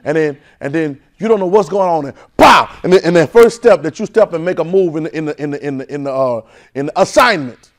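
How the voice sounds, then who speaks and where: A man preaching a sermon in call-and-response, swinging from loud urging to soft, hushed lines. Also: fairly high pitch, animated, fairly quick. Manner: swings from loud exhortation to soft near-whispers.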